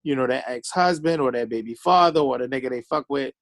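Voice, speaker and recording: A man's voice: medium pitch, fast, dry recording. A man from Baltimore, a podcast guest telling blunt, profane stories in casual chat and acting out the quotes.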